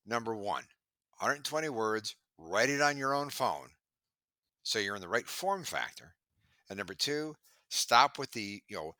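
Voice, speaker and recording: A man being interviewed about sales, talking in a lively way and acting out bits of dialogue, sometimes stammering as he restarts. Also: mid-range voice, measured pace, no room sound, clean studio sound. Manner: animated storyteller, acts out dialogue. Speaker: sales expert guest. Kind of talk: podcast interview.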